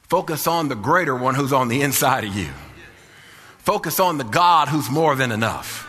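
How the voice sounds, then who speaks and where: A man preaching a sermon in a church, repeating and restarting his phrases for emphasis, with a sing-song cadence and calls for a louder amen. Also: mid-range voice, animated, moderate pace, slightly rough, big-room sound. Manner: repetitive, emphatic, with frequent restarts. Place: church sanctuary.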